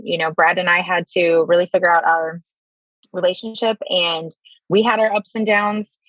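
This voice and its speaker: American woman, 30s, army veteran guest; low voice, dry close sound, halting with frequent restarts. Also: a bit bright, dry recording, low-quality recording. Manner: halting, many fillers and restarts. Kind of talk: candid interview storytelling.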